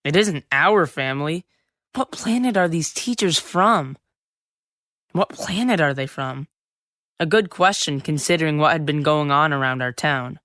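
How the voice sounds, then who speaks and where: In a full-cast audiobook, a woman voices a seventh-grade boy narrating his own story, chatty and lively with sudden yells. Her voice sits low, and the recording is dry and close, studio-made with no echo.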